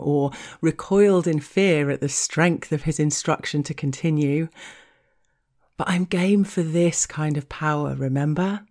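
A woman narrating an explicit erotic story in a frank, unhurried way, sometimes dropping into a whisper. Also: deep voice, a little mellow.

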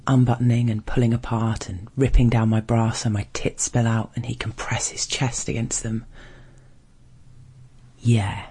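A man reading a first-person erotic story aloud in a low, measured, intimate way. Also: darkish tone, slightly rough.

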